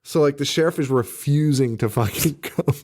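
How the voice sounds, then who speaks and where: A man's voice: a little high, moderate pace, a little mellow. A man co-hosting a podcast, casually recapping a horror film with lots of swearing and laughter. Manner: profane, laughing, acts out scenes in silly voices. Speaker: podcast co-host. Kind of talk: casual movie recap chat.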